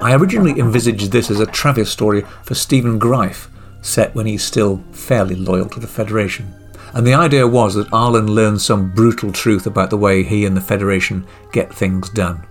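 A man's voice: fairly low pitch, a little fast, soft background music. A man, a producer and script editor, explaining how an audio drama came about. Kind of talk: behind-the-scenes interview.

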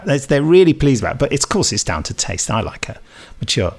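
A man's voice: mid-range voice, sing-song, fast talker, a little mellow. Dry, teasing male podcast co-host. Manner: dry, teasing, opinionated asides. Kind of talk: casual chat.

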